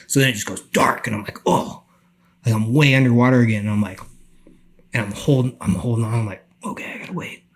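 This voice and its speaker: A middle-aged man telling a story on a podcast, animated, acting out the people he quotes. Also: mid-range voice, brisk. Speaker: podcast guest. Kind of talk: casual storytelling.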